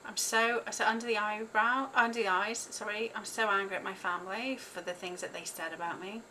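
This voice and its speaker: Woman talking you through tapping, bright sharp voice, swears a lot, bit of hiss behind. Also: medium pitch, fairly even intonation, a little fast, rough recording. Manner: repeats phrases as tapping prompts, swears, laughs at herself. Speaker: host leading a tapping exercise. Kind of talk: guided tapping session, casual and profane.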